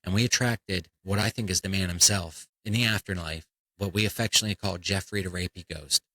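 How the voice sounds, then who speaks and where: A man's voice: sits low, steady tone, a little fast, pushed and bright, no room sound, low-quality recording. A man hosting a comedy podcast, ranting in a blunt, profane, fired-up way. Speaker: podcast host.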